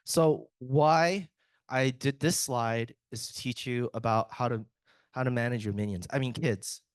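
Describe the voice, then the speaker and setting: A man's voice: mid-range voice, a little slow, clear, resonant tone, no room sound. Chatty joking man giving a tech talk. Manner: joking, chatty, self-interrupting with restarts. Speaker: IT speaker at a tech summit. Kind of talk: casual conference presentation.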